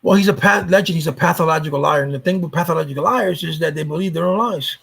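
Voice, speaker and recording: A man's voice: a little high, quick pace, vocal fry, a bit bright, husky. A man talking casually to his vlog viewers, rambling and swearing freely, often repeating himself. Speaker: YouTuber.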